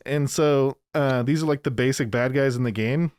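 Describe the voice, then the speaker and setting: Speaking a little fast and barely pausing, this podcast co-host has a steady, mid-range voice with a darkish yet clean tone. He rambles through casual conversation, restarting often, using plenty of fillers and cursing without restraint, all in clean studio sound with no echo.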